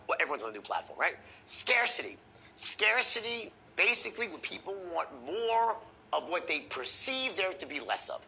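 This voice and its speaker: A man teaching a sales training session, animated and profane, acting out the tones of voice he teaches. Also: fairly high pitch, creaky, a little hiss or hum, rough recording.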